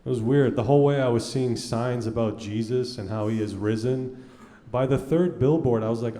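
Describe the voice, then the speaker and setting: A man's voice: mid-range voice, normal speed, dark tone, reverberant. A man in his thirties doing a stand-up comedy set on a theater stage, talking casually and profanely and acting out his dialogue. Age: 30s. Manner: conversational, profane, acts out dialogue.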